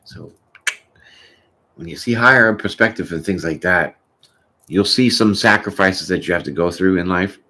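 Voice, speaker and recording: A man's voice: lowish voice, a bit bright. A man hosting a tarot channel, chatting casually and rambling through a live question session, often tossing in "you know what I'm saying". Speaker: tarot reader host.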